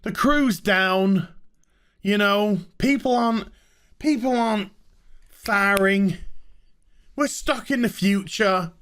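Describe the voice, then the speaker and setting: A man's voice: high-pitched, takes it slowly, pauses often, a bit bright. A man ranting sarcastically in an exasperated review vlog about a TV episode. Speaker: TV show reviewer.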